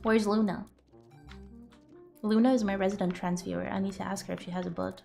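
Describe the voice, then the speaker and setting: A woman's voice: mid-range voice, steady tone, a little fast, gravelly, long pauses, mellow, soft background music. A woman streamer chatting casually and playfully with her viewers, rambling and joking crudely.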